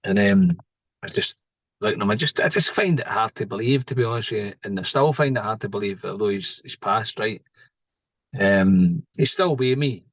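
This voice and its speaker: A middle-aged Scottish man speaks as a podcast guest, spinning out a personal story in loose, rambling sentences. He keeps checking in with the listener with a quick "right?" The recording is close and dry, with no room sound. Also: fairly low pitch, expressive, dry recording, poor audio. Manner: rambling, tags lines with "right?". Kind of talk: casual storytelling.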